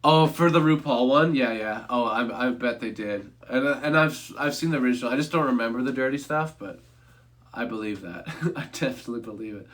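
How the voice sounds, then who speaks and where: A man's voice: mid-range voice, a little fast, a bit bright. Rambling young man reviewing a movie. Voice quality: rambling, self-correcting, offhand humor. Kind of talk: casual livestream review chat.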